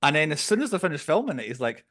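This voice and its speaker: Man, podcast co-host, opinionated film chat, slightly high voice. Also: rapid-fire. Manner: opinionated, animated storytelling with quoted voices. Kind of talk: casual film review chat.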